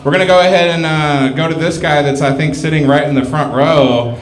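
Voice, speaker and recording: Guy emceeing a comedy contest, kinda high voice, loose and offhand, roomy echo. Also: fairly even intonation, a little fast. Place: comedy club.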